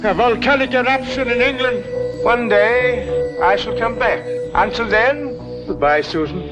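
A man's voice: extremely high pitch, measured pace, poor audio. A man acting in a 1960s television drama, heard in an old clip. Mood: farewell. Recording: old TV clip with loud music.

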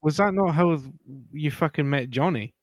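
A man's voice: fairly high pitch, moderate pace, no echo. A man in casual chat, reminiscing about old gigs in a laid-back way.

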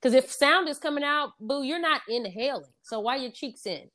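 A woman hosting a casual podcast chat, animated and laughing often as she acts out scenes from a film. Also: high voice, moderate pace, a little hiss or hum. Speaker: podcast host.

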